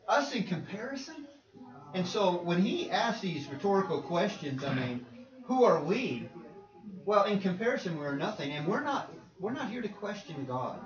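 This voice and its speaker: Animated preacher in a roomy hall. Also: male voice, high voice. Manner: animated, conversational, asks the class questions, laughs often. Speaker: preacher leading a Bible class. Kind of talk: interactive Bible class teaching. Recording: roomy, distant, muffled room recording.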